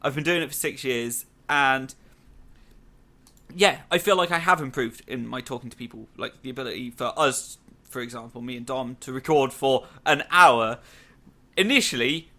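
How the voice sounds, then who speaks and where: A man's voice: mid-range voice, sharp tone. A young British man hosting a podcast in casual, rambling chat. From Britain. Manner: rambling, many "like" fillers, quick bursts. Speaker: podcast host.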